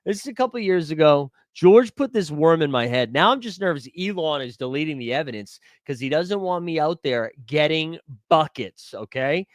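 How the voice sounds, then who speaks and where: Animated rambling male livestream host. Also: on the high side, moderate pace, few pauses, no echo, clean studio sound. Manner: rambling, jokey, talks to chat while searching. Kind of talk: casual live-stream chat.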